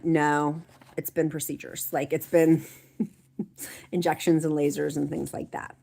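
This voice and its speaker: A woman's voice: deep voice, fairly even intonation, normal speed, gravelly, darkish tone. A woman hosting a live stream, chatting and reading viewer comments aloud in an encouraging way. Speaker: livestream host. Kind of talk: casual livestream chat.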